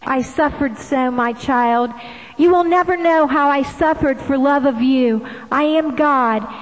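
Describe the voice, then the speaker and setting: A woman giving a slow devotional address, often slipping into hushed whispers. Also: sits high, in a large hall, poor audio. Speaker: visionary sharing devotional messages.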